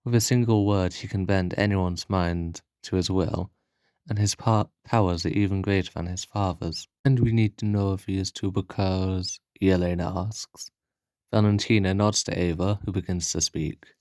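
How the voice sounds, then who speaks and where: A man reading out his own fan story pitch, with casual asides between the narration. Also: fairly even intonation, moderate pace, darkish tone, no echo, studio quality.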